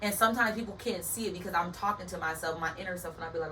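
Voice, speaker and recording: A woman's voice: lowish voice, rapid-fire, sharp tone, distant mic, a little hiss or hum, rough recording. A woman giving an earnest, emphatic faith-based motivational talk, speaking straight to her listeners.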